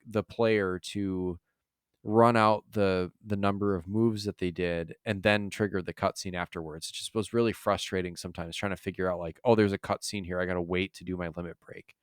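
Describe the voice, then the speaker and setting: A man with a low, smooth, resonant voice talks in a loose, rambling way, full of fillers and the odd curse. The sound is dry and close to the mic, with no room around it. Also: dry recording. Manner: rambling, swears freely, many fillers. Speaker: podcast co-host. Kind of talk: casual chat.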